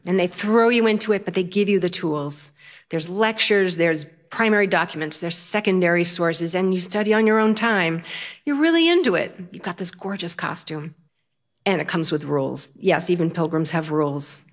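An older woman telling a humorous personal story to an audience, lively and self-mocking. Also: lowish voice, normal speed.

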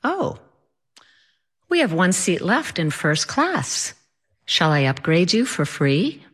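A woman's voice: lowish voice, big pitch swings, slow pace, slightly rough, heavily acted. A woman playing a friendly female gate attendant offering a seat politely.

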